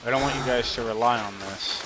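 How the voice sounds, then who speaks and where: A man giving a relaxed, filler-heavy gameplay tutorial. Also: medium pitch, fast. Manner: relaxed, drawling, many fillers. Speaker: game tutorial host. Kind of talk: casual gameplay tutorial commentary. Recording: loud game rain noise behind. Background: loud rain and jungle game sounds.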